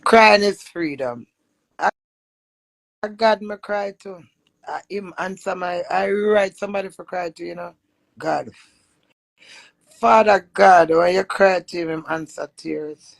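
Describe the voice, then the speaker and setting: A woman's voice: lowish voice, unhurried, vocal fry, long pauses, no room sound. A middle-aged Jamaican woman chatting casually on a live stream, telling stories and laughing often. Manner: animated storytelling with frequent laughs.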